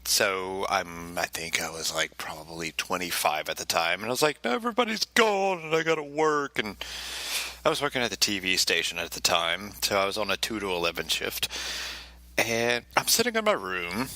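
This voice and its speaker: A low-pitched man with a bright, forward edge to his voice tells a personal story in a casual, wry and self-mocking way. He keeps the mood comic and brings in voiced impressions of others. The sound is dry and close, with very little room. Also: expressive, moderate pace, no echo. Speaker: podcast co-host.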